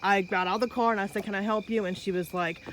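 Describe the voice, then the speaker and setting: A woman's voice: mid-range voice, steady tone, slight background noise, poor audio. Shaken Kentucky woman telling what happened. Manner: shaken, rushed, emphatic. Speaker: caller, mother. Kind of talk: recounting an incident. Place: outdoors at night.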